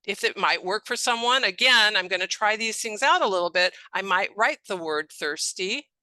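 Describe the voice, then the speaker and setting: A woman's voice: medium pitch, expressive, moderate pace, bright, forceful tone, no echo, rough recording. A middle-aged woman, a speech-language pathologist, giving a conversational webinar lecture and acting out example phrases as she explains. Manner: conversational, explanatory, frequent "um" and "you know", acts out example phrases.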